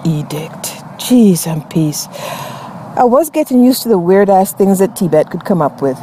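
A woman narrating a first-person fantasy story in a wry, expressive way. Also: mid-range voice, a little slow, slight background noise.

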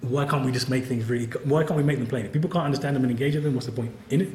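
A man's voice: medium pitch, very fast, a little mellow, slight background noise. A man, a professor, speaking candidly and wryly at a book event, laughing often. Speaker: professor and author. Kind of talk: conversational talk at a book event. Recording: roomy event-hall sound.

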